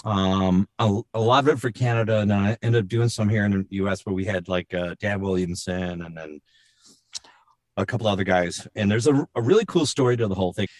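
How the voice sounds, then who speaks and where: A middle-aged man, a voice actor guest on a show, telling animated stories in casual chat and slipping into quick impressions. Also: on the low side, no room sound, clean studio sound.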